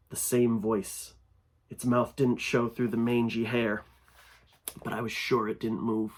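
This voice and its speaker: A man's voice: mid-range voice, little pitch movement, a little slow. Man reading a horror story aloud. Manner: grows louder and tense in frightening passages. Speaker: fiction reader. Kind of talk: first-person horror audiobook narration.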